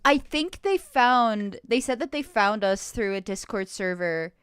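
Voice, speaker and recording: A young woman hosting a casual livestream Q&A, excitable and quick to laugh, swearing freely. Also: medium pitch, over a noisy crowd. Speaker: streamer hosting a Q&A.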